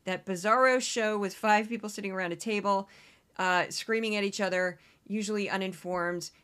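Bright-voiced woman hosting a chatty commentary podcast. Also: mid-range voice, fairly even intonation, clear, resonant tone. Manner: wry, chatty, quick asides. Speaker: podcast host. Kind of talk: casual political commentary and news rundown.

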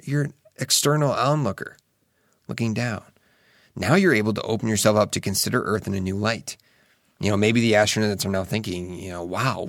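A man's voice: lowish voice, no room sound, studio quality. A young man giving an earnest, reflective monologue, musing aloud with casual swearing and frequent restarts. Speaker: solo speaker.

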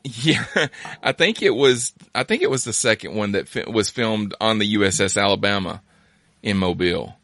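A male host with a lowish, bright, forward voice chats casually and drifts into asides, laughing often. The sound is close and dry. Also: animated, normal speed, dry recording. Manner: chatty, laughs easily, rambling asides. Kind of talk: casual chat.

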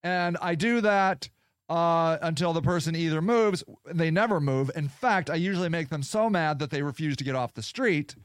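A man's voice: on the high side, moderate pace, clear, resonant tone, dry recording, clean studio sound. A man ranting in a casual, angry and sarcastic way, swearing often as he tells a story. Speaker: podcast host. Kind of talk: casual rant.

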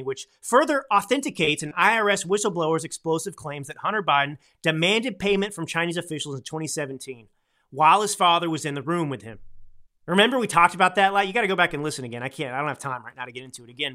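A man hosting a political talk podcast, talking close to the mic with a bright, forward edge. His voice sits somewhat high for a man. He rambles and swings from near-shouting to a near whisper. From United States. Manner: animated, rambling, swings between loud and soft. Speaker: podcast host. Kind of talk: political commentary monologue. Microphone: close studio microphone.

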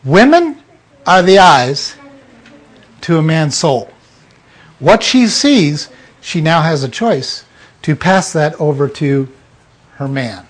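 A man's voice: fairly high pitch, lively intonation, slow, pauses often. A man preaching an informal sermon to a small group, blunt and emphatic, acting out little scenes.

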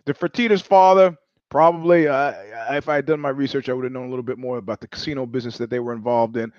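A man's voice: mid-range voice, steady tone, fast, no room sound. A man hosting his own show, telling stories in a casual, profane monologue with many restarts and repetitions. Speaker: show host. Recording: dull lo-fi sound, dry.

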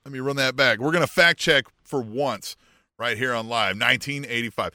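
A man's voice: mid-range voice, normal speed, pushed and bright, no echo, clean studio sound. A man co-hosting a casual wrestling podcast, reading out wrestling history with jokey, playful asides. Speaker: podcast co-host.

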